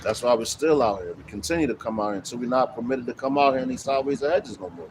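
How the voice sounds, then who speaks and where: A man's voice: medium pitch, quick pace. Slangy man preaching on a noisy street. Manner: slangy, swearing, loose and conversational. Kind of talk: street preaching with casual commentary. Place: outdoors on a city street. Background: traffic noise.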